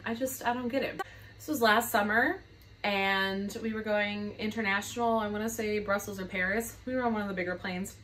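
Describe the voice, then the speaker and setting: A woman's voice: mid-range voice, fairly bright tone, a little hiss or hum. A woman who works as a flight attendant, candidly telling a gossipy, profane story in a storytime vlog.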